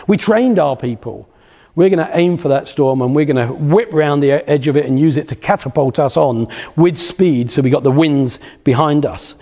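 This business speaker has a slightly high voice with a darkish tone. He delivers a motivational business talk live in a lecture hall, using anecdotes and repeated phrases to build rhythm, and long reverb fills the room.

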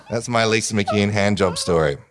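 A man with a lowish voice spins an animated anecdote. He laughs often and acts out the people in his story. He sounds middle-aged and relaxed in casual talk. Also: slight background noise. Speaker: guest.

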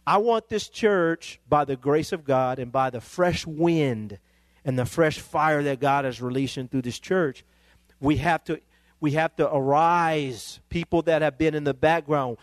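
A male pastor, preaching a sermon that climbs into emphatic, excited peaks. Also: a little high, unhurried, dry recording.

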